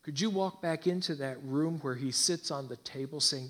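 A man preaching, telling a dramatic story in slow, hushed, intense phrases. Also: fairly high pitch, in a large hall. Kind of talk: sermon storytelling.

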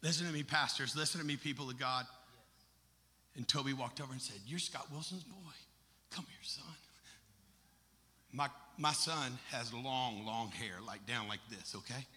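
A man's voice: medium pitch, moderate pace, pushed and bright. A man preaching a sermon as a storyteller, with impassioned, emphatic delivery. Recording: long reverb of a large hall.

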